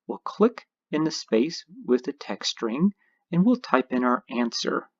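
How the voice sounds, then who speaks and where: A man's voice: on the high side, very animated, measured pace, husky, dry recording, lo-fi sound. A man narrating a screencast tutorial, explaining each step patiently as an instructor.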